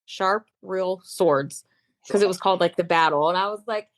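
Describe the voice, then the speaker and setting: A woman's voice: on the low side, normal speed, no echo. A woman in her late thirties or forties, a bodybuilder and fitness coach, chatting casually as a podcast guest and acting out quoted conversations as she tells stories. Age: late 30s or 40s. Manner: chatty storyteller, acts out quoted dialogue. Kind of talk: casual chat.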